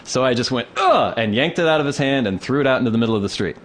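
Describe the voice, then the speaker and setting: A man co-hosting a casual podcast, telling a story with lively, acted-out quotes. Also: mid-range voice, rapid-fire, slight background noise. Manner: animated storyteller acting out quoted voices. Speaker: podcast co-host. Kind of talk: casual chat, comic storytelling. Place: Pacific Northwest town.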